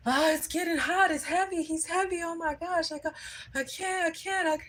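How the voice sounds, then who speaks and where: A woman's voice: very high-pitched, moderate pace, fairly bright tone, a little hiss or hum, voice pushed up. Woman doing a crying worn-out football player. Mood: anguished. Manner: whiny, strained, breaking down. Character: exhausted young male football player, crying.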